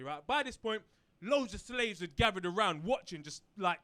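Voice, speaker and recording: A man's voice: high voice, animated, moderate pace. A young man from England doing a stand-up routine on a comedy club stage, telling a story and tagging lines with "right?" as he acts out other voices. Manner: storytelling with frequent "right?", acting out quoted voices loudly.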